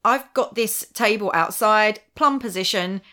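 A woman chatting casually, an animated storyteller who acts out what people said and laughs often. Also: medium pitch, a little slow. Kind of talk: casual chat.

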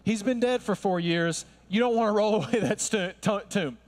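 A man voicing Martha, an exasperated, grieving woman who talks bluntly and sarcastically, in a high voice. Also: normal speed, big-room sound, close to an everyday voice. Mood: joking.

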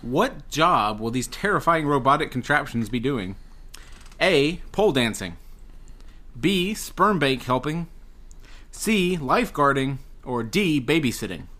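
A man hosts a relaxed headline quiz among friends. He reads the questions and their choices aloud and opens each round with a goofy little rhyme. The tone is loose, casual podcast banter. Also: mid-range voice, unhurried. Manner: reads headlines with silly rhyming intros. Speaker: quiz host.

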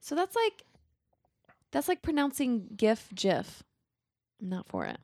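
A woman co-hosts a podcast in a high, very animated voice that's a little mellow, keeping a moderate pace. Their casual chat is full of playful, giggly banter, recorded dry with clean studio sound.

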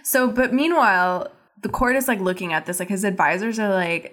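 A woman's voice: mid-range voice, fairly quick, fairly bright tone. A young woman podcast host recapping an episode in a chatty, giggly way, full of "like".

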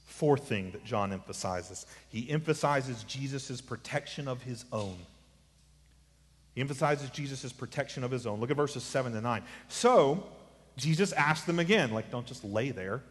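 A man preaching an expository sermon, swinging from quiet asides to emphatic lines, mixing in casual remarks. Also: mid-range voice, lively intonation, normal speed, long reverb tail. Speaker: pastor.

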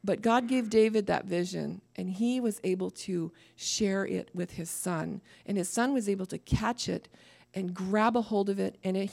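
A woman preaching a sermon to a church, lively and laughing at her own asides. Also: medium pitch, creaky.

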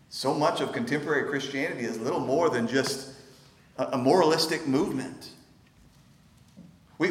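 A man preaching a sermon as pastor, earnest and emphatic, slowing down to stress key phrases. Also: medium pitch, fairly bright tone. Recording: roomy hall with long reverb.

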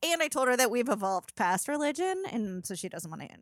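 A woman's voice: fairly high pitch, very animated, brisk, no room sound, clean studio sound. A young woman co-hosting a casual chat, sarcastic and swearing, acting out the voices of people she quotes.

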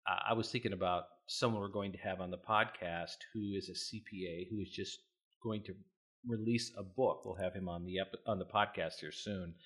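A man's voice: low voice, steady tone, a little fast, a bit bright. A man co-hosting a podcast, talking casually and self-deprecatingly, with frequent restarts. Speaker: podcast co-host.

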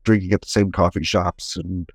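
Low-voiced man, blunt and critical. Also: steady tone, moderate pace, dry recording, studio quality. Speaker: podcast co-host. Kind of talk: casual chat.

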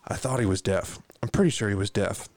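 A man's voice: fairly low pitch, fairly quick, a little mellow, dry recording. A young adult man telling a rambling, profane anecdote in casual chat.

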